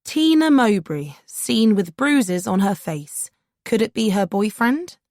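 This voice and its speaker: A woman's voice: mid-range voice, animated, takes it slowly, a little mellow, dry recording, clean studio sound. A woman voicing a brusque, balding male news reporter who gives curt instructions.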